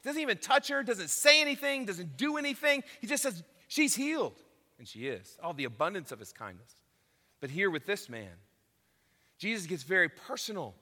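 A man preaching a sermon as pastor, emphatic, dropping to a hush and then rising loud. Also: high voice, sing-song, fairly quick, big-room sound.

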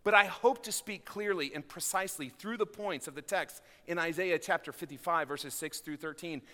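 Bright-voiced male pastor preaching in a reverberant sanctuary. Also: a little high, normal speed. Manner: earnest, repetitive preaching cadence with building lists. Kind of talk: sermon. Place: church sanctuary.

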